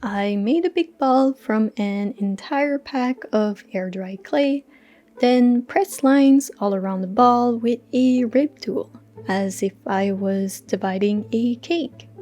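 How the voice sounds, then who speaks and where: Lady doing a slow chill craft voiceover, kinda high voice, dry jokes, soft music behind. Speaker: crafting channel host. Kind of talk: relaxed voice-over narration of a craft tutorial.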